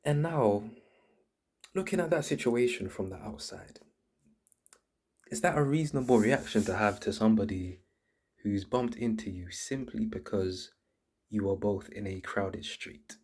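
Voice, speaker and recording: A man's voice: on the low side, a little mellow, husky. A man hosting his channel, explaining in a casual, earnest monologue full of restarts and repeated words. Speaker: channel host.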